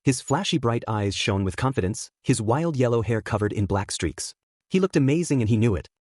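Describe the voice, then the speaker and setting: A man narrating a first-person story in a steady, even reading voice. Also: medium pitch, a little fast, no room sound, studio quality. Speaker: fanfiction narrator.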